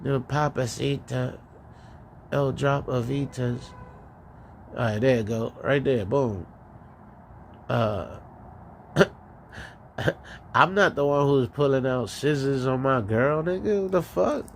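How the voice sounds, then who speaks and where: A man's voice: mid-range voice, lively intonation, slow, pauses often, slight background noise. A man from New York hosting a live stream, ranting profanely and telling stories, stammering through restarts. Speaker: solo live-stream host. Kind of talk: ranting monologue.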